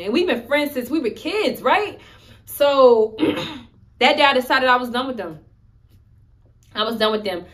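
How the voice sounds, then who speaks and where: A woman's voice: high voice, moderate pace, a bit bright. Emphatic young woman telling a story. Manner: candid, emphatic, conversational. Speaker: vlogger. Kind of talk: story-time vlog.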